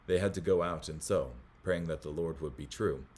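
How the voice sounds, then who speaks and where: A man hosting a Bible study, reading commentary aloud in a measured way, with small slips that he corrects as he goes. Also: a bass voice, darkish tone.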